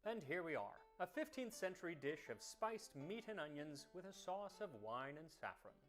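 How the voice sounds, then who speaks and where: A man's voice: fairly high pitch, very animated, moderate pace, faint music behind. A man hosting a cooking history show, chatting and thinking aloud as he tastes a dish and explains its history. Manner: curious, enthusiastic about history. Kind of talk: tasting commentary to camera.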